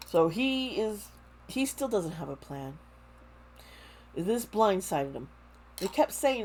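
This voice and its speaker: A woman reads tarot cards in a casual talk to camera. Her delivery is slow and halting, full of fillers and restarts. Her voice sits at an ordinary middle pitch. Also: sing-song, a little mellow, a little hiss or hum. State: close to tears. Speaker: tarot reader.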